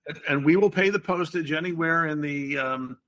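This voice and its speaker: A man's voice: a little high, moderate pace, a bit bright. An older man hosting a casual podcast chat, explaining word games in a playful, wordy way. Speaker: podcast host.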